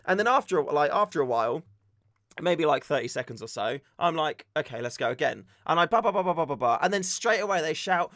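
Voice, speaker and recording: A young man from the UK chatting on a live stream, telling stories with animated back-and-forth retellings. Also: on the high side, a little fast, no echo, studio quality. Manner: animated storytelling, acts out shouted exchanges. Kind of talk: casual live-stream chat.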